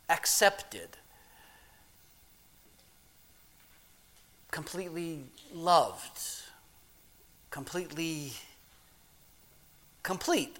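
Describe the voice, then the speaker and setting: Heavily acted and pitched a little high, this dramatic first-person monologue has a man playing a plain-spoken working husband. His rough grammar comes with halting restarts as he drops to a hushed murmur, then swells into loud, excited storytelling, awed and tender throughout.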